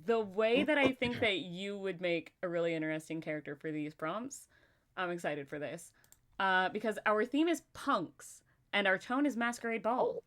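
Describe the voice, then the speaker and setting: A woman's voice: medium pitch, normal speed, a bit bright. Chatty woman hosting a livestream. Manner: chatty, laughs often, talks to herself. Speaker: livestream host. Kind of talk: casual chat.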